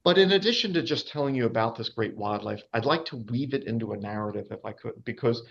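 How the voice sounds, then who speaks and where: A man's voice: medium pitch, lively intonation, fast, creaky. A man giving an informal public lecture about wildlife, chatty and often checking in with his audience. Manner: chatty, checks in with the audience using "all right?"; frequent fillers and restarts. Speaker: lecturer and nature guide. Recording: dull lo-fi recording.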